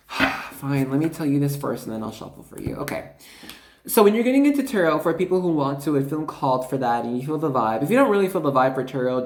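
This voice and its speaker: A tarot reader giving a casual spiritual card reading, excitable and chatty, with lots of fillers and asides. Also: medium pitch. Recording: echoey room.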